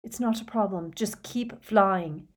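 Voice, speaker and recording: A woman voicing a teenage boy wizard shouting spells. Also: mid-range voice, steady tone, measured pace, lightly acted. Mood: tense. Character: brave teenage boy wizard under attack. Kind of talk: audiobook character reading.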